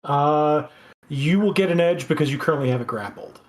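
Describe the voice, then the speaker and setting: Game master talking folks thru a tabletop fight, lots of uhs, calm and steady. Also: medium pitch. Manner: halting, many fillers, calm rulings.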